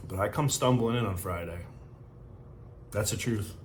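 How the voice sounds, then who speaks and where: A man's voice: fairly low pitch, moderate pace, a little hiss or hum. A man hosting a podcast, delivering a fervent, emotional motivational monologue. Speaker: podcast host. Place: hotel room.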